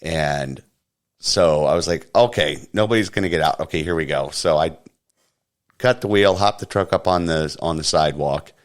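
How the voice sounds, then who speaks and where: A man's voice: rumbling low, normal speed. A man hosting a podcast, casually recounting an anecdote step by step. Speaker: podcast host.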